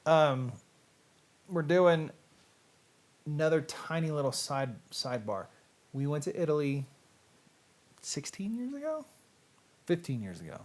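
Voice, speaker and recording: A man's voice: a little high, big pitch swings, unhurried, long pauses, darkish tone. A middle-aged man with a Southern US accent, hosting a casual, rambling livestream chat in a self-deprecating way. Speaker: host.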